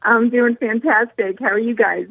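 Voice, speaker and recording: A woman calling into a radio show for a contest, excited and giggly. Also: a little high, normal speed, creaky, husky, no echo, narrow, tinny audio. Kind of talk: call-in chat.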